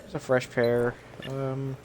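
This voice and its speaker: A man's voice: mid-range voice, monotone, slow pace, a little mellow, slight background noise. Cursing male gamer streaming live. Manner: frustrated, swears a lot, talks to himself. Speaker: video game streamer. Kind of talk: live gameplay commentary. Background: game music.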